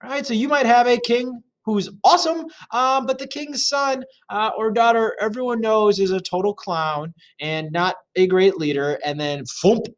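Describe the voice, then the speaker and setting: A man's voice: high-pitched, moderate pace, few pauses. A man reading and explaining a social studies lesson, chatty with jokey asides and frequent fillers. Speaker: teacher.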